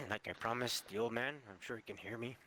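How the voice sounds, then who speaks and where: A man reminiscing in a loose, rambling way, swearing casually and pausing on fillers. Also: medium pitch, background noise. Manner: rambling, profane, halting with fillers. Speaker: co-host of a gaming channel. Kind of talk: casual memorial chat.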